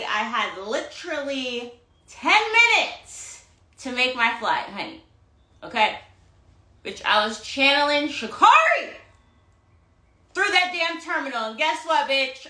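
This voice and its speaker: Sassy, slow-talking woman on a livestream. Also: high voice, sharp tone, reverberant. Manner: sassy, dramatic, peppered with "okay?" and "honey". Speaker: livestream tarot reader. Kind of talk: casual livestream monologue. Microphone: phone livestream.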